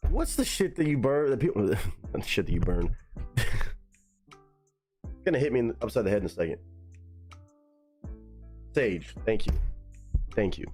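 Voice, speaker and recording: A man's voice: on the low side, sing-song, unhurried, long pauses, darkish tone, faint music behind. A young man chatting casually on a live stream, loose and profane, musing aloud as he goes.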